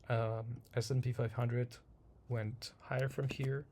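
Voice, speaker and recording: Guy going thru trading charts, a bit hoarse, gravelly and flat, lots of ums, faint hiss. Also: medium pitch, measured pace. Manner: rambling, repeats himself, many ums. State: slightly hoarse, losing voice. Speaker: trading channel host. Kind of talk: casual chart walkthrough.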